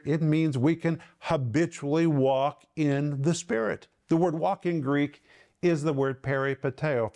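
Bible teacher, man, middle-aged, somewhat high voice, earnest, leans into emphasis. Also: a little mellow. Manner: earnest, slows and lifts his voice for emphasis. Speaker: Bible teacher and ministry host.

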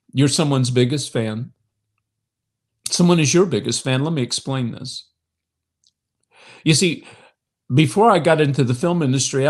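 A middle-aged man leading an online prayer talk, speaking straight to viewers with emotion, swelling to impassioned peaks and sinking soft again. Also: mid-range voice. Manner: direct address to viewers, frequent fillers. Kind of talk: livestream devotional talk.

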